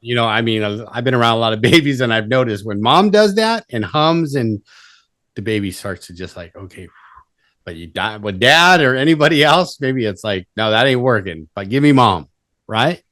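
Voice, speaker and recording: A man's voice: mid-range voice, moderate pace, dry recording, clean studio sound. A man hosting a podcast, chatting casually with his guest and sharing his own experiences. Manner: relaxed, chatty, many fillers. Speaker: podcast host. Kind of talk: casual conversation.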